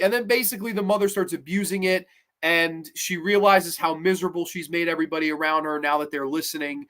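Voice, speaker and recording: High-voiced man rambling through a review. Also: fairly bright tone. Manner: rambling and profane, with filler words; mimics characters in exaggerated voices. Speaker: host reviewing horror episodes. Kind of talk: casual spoken review.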